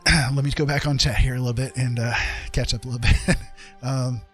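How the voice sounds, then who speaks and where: Earnest, halting male streamer. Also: mid-range voice, steady tone, soft background music. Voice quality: earnest, gentle and reassuring. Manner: halting with many fillers and restarts. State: getting a little emotional. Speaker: live streamer. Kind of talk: casual live-stream chat.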